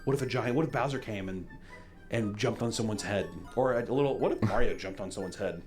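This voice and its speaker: A man's voice: lowish voice, a little fast, soft background music. A young man hosting a reaction video, reading a list aloud with casual, jokey asides.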